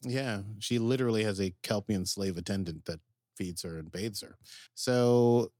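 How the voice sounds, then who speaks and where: A man's voice: on the low side, moderate pace, dark tone, dry recording, clean studio sound. A man co-hosting a podcast, casually recapping an episode in a rambling way, full of fillers and acted-out quotes. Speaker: podcast co-host.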